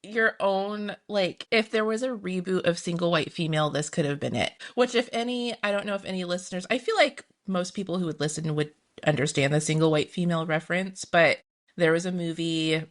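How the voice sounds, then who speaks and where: Woman podcast host, chatty, a bit lower-pitched. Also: fairly quick. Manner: chatty, reacts with gasps and laughs. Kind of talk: casual interview chat.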